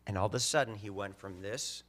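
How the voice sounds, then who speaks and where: A middle-aged man giving a humorous eulogy, telling family stories in an animated way and acting out the dialogue. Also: fairly low pitch, brisk. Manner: animated, acts out dialogue, laughs through lines. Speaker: eulogy speaker.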